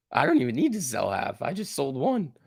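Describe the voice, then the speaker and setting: A man hosting a live stock trading stream, reacting excitedly to price moves and chatting casually with viewers. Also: mid-range voice, vocal fry, husky, dry recording, studio quality. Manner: excitable, exclaiming at price moves, reading chat aloud. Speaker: stock trading livestream host.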